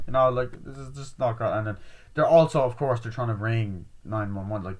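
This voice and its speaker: A man's voice: medium pitch, lively intonation, fairly quick. A man giving a rambling, casual spoken film review, acting out lines from scenes with heavy swearing. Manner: retells scenes acting out shouted, swearing quotes; rambling with many fillers. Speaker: movie reviewer.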